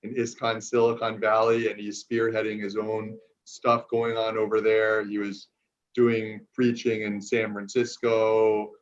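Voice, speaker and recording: A man's voice: fairly low pitch, completely flat delivery, a little slow. A man hosting an online gathering, talking casually with many fillers and restarts. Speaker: program host. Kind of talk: casual Zoom introductions. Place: New York City. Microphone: video call. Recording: dull lo-fi video call audio.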